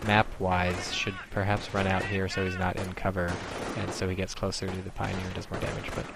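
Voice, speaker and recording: Low gravelly man casting a strategy game. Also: monotone, brisk, very noisy. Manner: rambling, explanatory, many ums. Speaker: game commentator. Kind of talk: casual strategy game commentary.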